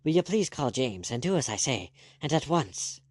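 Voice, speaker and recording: A man's voice: medium pitch, big pitch swings, moderate pace, no echo, studio quality, voice pushed up. A man voicing a curt, commanding doctor who snaps out orders. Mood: urgent. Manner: snappish, peremptory.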